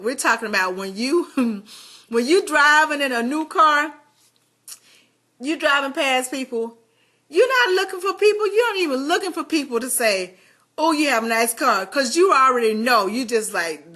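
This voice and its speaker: A woman with a Southern American drawl talks straight to her viewers in a lively, chatty pep talk. Her voice is bright and sits a little high. She keeps the encouragement flowing in an easy, conversational way. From Southern US, Georgia. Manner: animated, chatty, addresses viewers directly. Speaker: motivational vlogger. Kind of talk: casual motivational talk.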